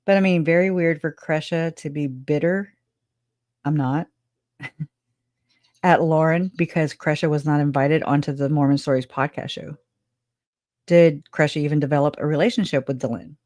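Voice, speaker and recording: A woman's voice: low voice, steady tone, moderate pace, long pauses, darkish tone, dry recording, clean studio sound. A woman hosting a casual livestream and reading viewer comments aloud. She rambles, laughs often, swears casually and sounds emotional and grateful. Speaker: livestream host.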